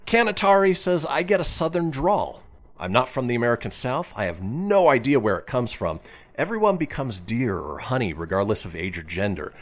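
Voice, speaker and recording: A man's voice: medium pitch, very animated, moderate pace. A male radio host chatting casually and reading listener messages aloud with a jokey manner.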